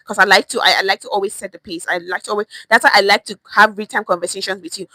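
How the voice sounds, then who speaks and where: Bright, upbeat Nigerian woman teaching. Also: medium pitch, steady tone, no echo. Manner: chatty, repeats phrases, mixes pidgin, quick laughs. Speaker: language teacher. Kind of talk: online language lesson.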